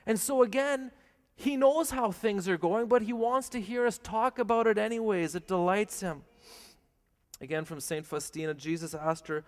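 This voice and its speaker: A priest with a fairly high voice preaches earnestly and plainly, often turning to his listeners with questions. His words ring out with a long reverb, as if in a large hall. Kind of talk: televised sermon.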